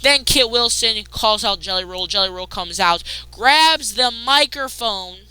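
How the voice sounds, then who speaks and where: Woman doing a wrestling recap vlog, bright crisp voice, gets hyped then mumbles, dry close sound. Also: medium pitch, a little slow, dry recording. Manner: excitable, swings between loud outbursts and muttered asides. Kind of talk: casual wrestling news recap.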